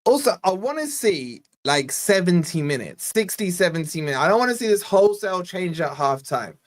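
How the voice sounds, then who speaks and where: A Scottish-born man hosts a live football watch-along for his fan channel, speaking briskly in a high, sing-song voice. He gives casual play-by-play and banters with his chat.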